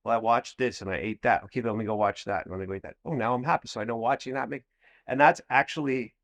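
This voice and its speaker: Podcast host thinking out loud. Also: male voice, medium pitch, fast. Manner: explains by talking through examples in his own head. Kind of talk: casual conversation.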